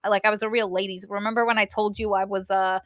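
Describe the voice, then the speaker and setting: A young woman casually recapping a novel's plot as a podcast co-host, quickly acting out the characters' lines. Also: mid-range voice, little pitch movement, no echo. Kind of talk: casual book recap chat.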